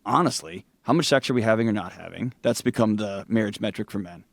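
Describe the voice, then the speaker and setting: A middle-aged man with a Southern US accent, a podcast guest telling stories with animated bursts and laughter. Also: fairly low pitch, vocal fry, no room sound. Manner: animated storyteller, quick bursts, laughs through anecdotes. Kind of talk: candid conversational interview.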